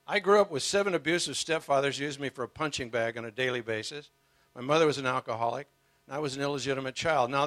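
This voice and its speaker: A man's voice: medium pitch, pushed and bright, no room sound. An older man preaching as a guest speaker, earnest and emotional, telling his story with humor. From United States. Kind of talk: sermon.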